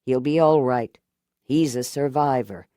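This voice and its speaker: A steady middle-aged man, put on by a woman in an audiobook, speaking low and calm with a dry, joking edge. His voice sits deep and even in a close, dry recording. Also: unhurried, dry recording. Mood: reassuring. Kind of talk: audiobook character voice.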